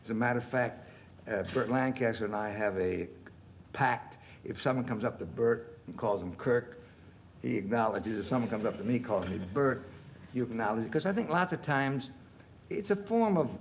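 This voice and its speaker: Older man, talk show guest, animated storyteller, chuckling anecdotes, faint hiss. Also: medium pitch, normal speed. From United States. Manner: animated anecdotes, laughing through punchlines. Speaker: guest actor. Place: television studio.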